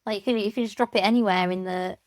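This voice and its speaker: A woman's voice: medium pitch, steady tone, racing, dry recording. Playful British woman, dry close sound. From United Kingdom. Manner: playful, giggly, guessing. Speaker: podcast co-host. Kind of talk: casual chat.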